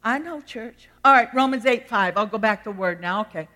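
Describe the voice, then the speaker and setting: Bright-voiced woman preaching in a hall. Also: on the high side, moderate pace. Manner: swings from loud exhortation to quiet asides. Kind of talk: sermon. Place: church sanctuary. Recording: long church hall reverb.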